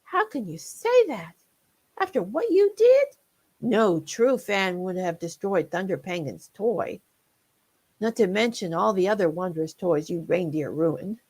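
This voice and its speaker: A woman's voice: on the low side, unhurried, darkish tone, husky. A woman voicing a hot-headed young male elf soldier who lashes out with hurt, accusing outbursts.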